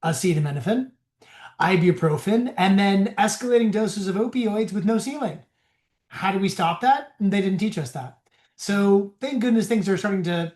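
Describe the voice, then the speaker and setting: A man's voice: sits high, darkish tone. A man, a physician, giving a casual continuing-education lecture in a conversational, bantering way. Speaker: physician presenter. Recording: echoey room.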